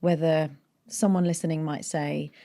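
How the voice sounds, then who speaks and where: A warm, low-pitched woman's voice with little pitch movement, speaking at a moderate pace. She's a voiceover artist from North London with a neutral British accent lightly tinged by her area, chatting casually as an interview guest and explaining at length with restarts.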